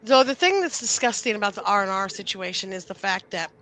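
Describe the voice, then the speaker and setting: A woman co-hosting a casual live stream from her living room over a video call, telling stories in an animated way. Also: mid-range voice, brisk, over a noisy crowd. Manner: animated storyteller, acts out callers. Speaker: co-host.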